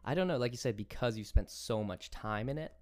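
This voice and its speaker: A man's voice: medium pitch, a little fast, a little mellow, dry recording, clean studio sound. A man chatting casually and easily, tossing in words like dude and man. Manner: laid-back and chatty, says dude and man. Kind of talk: casual conversation.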